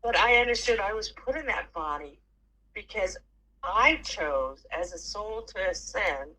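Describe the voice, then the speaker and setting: A middle-aged woman chatting casually with family, telling stories with lively swings and the odd curse. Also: mid-range voice, measured pace, poor audio. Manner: animated storyteller who swears freely. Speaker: aunt.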